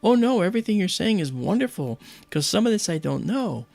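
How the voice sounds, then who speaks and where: A man voicing an older nun and astrophysicist, a modest, gentle woman who speaks in soft, delighted exclamations. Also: high-pitched, sing-song, brisk, gravelly, pitched above the performer's own voice, exaggerated voice. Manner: warm, humble, delighted exclamations.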